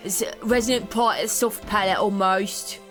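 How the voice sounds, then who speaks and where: A woman chatting casually while playing a game, animated and laughing, slipping into quick voices. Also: medium pitch. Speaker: let's play player. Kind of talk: casual chat. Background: game music.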